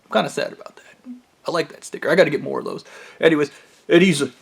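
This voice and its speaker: A man with a fairly high voice tells a crude story in a comic, off-the-cuff way. He is blunt and profane and mocks the people in his story at every turn. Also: fast talker, creaky, pauses often, husky. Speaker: storyteller comedian.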